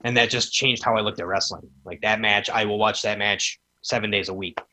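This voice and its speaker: A man's voice: on the low side, fairly even intonation, fairly quick, pushed and bright. A man in his thirties, a guest on a podcast, telling casual stories and acting out quoted dialogue in a raised voice. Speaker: podcast guest, former wrestling promoter. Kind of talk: casual storytelling chat.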